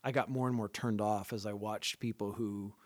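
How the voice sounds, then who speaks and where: A man telling the story of his conversion to a podcast host in an earnest, animated way, with plenty of fillers. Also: fairly low pitch, moderate pace, dry recording. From Southern California. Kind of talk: casual conversational testimony.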